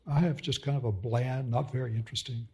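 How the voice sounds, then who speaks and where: A man's voice: mid-range voice, fairly even intonation, a little fast, dark tone. A man with a mild Austin, Texas accent, a professor putting questions in an onstage conversation and telling stories fluently with dry wit. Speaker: professor and interviewer.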